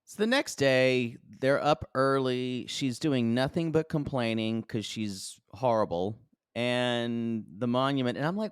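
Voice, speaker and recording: A man co-hosting a podcast, recapping a reality show in casual chat with sarcastic, animated retellings and quoted voices. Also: mid-range voice, unhurried, clean tone, dry recording, studio quality. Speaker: podcast co-host.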